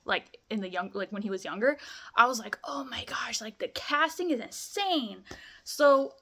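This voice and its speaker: A woman's voice: on the high side, lively intonation, normal speed, a bit bright. Young woman gushing about a movie to her viewers, super chatty, says like and amazing nonstop. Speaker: vlogger reviewing a film. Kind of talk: casual chat to camera.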